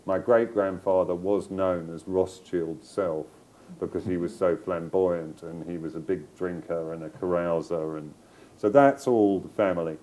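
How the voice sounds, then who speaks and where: A man's voice: deep voice, steady tone, a little slow, mellow, low-quality recording. A middle-aged male novelist in a book club conversation, telling stories in a discursive way, with digressions and restarts. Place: live event before an audience.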